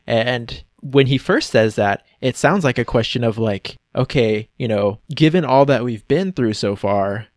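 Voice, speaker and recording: A man's voice: mid-range voice, measured pace, hardly any pauses, no echo, studio quality. A man in casual chat about a film, thinking aloud with lots of "like"s and frequent laughs. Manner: chatty, laughs often, thinks aloud with many "like"s. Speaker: podcast co-host discussing a film.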